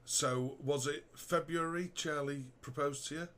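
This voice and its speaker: A man's voice: fairly high pitch, fairly even intonation, unhurried, fairly bright tone. A man with a London accent hosting a podcast interview, asking short questions and agreeing briefly. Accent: London English. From England. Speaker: podcast host. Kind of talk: casual interview chat.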